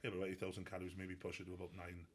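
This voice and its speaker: A man's voice: low voice, monotone, racing, slight background noise. A Welsh man telling stories in a casual interview, laughing and swearing freely. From Wales. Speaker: guest strongman athlete.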